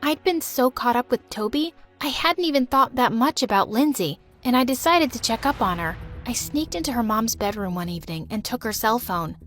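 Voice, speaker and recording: A woman's voice: on the high side, animated, moderate pace, hardly any pauses, a bit bright, faint music behind. A woman narrating a first-person storytime in a dramatic, emotional way and voicing the other people in it.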